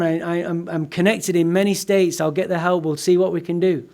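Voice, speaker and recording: Male speaker, fairly high voice, lively comic storyteller, swears freely, talking to a room. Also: a little fast. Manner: animated, profane, comic storyteller. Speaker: speaker at a recovery meeting. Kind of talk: humorous personal storytelling talk. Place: meeting room before a live audience.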